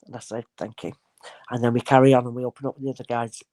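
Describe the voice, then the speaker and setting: Rapid-fire and rumbling low, a woman speaks on a dry recording. She's a spirit medium guest telling stories casually, full of animation and acted-out voices in her anecdotes.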